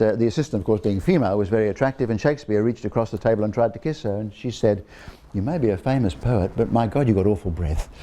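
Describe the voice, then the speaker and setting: Mellow and mid-range, the voice belongs to an older linguistics professor giving a casual public talk as a guest speaker. Before his audience he stays genial but drifts into digressions, restarting lines and saying "um" often.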